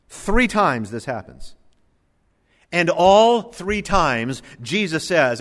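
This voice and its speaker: A man's voice: a little high, very animated, measured pace, a bit bright. A man preaching a sermon, earnest, building emphatic lists. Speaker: pastor. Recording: long hall reverb.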